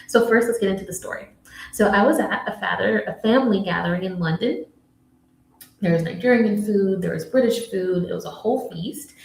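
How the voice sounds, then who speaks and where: An American woman and spiritual coach giving an earnest motivational talk, telling a story and dropping to soft hushed asides. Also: medium pitch, brisk, gravelly, roomy sound, low-quality recording. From United States.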